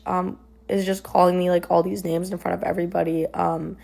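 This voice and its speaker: A woman's voice: lowish voice, little pitch movement, fairly quick, vocal fry, few pauses, darkish tone. A young woman casually recounting a personal story, rambling with lots of "like" and "um". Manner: rambling, filler-heavy retelling with many "like" and "um".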